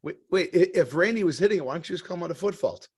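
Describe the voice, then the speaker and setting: A man co-hosting a podcast, with a fairly high voice. He asks jokey, teasing questions and trips over his words as he sets them up, in a loose casual chat. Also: lively intonation, racing, breathy edge. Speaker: podcast co-host.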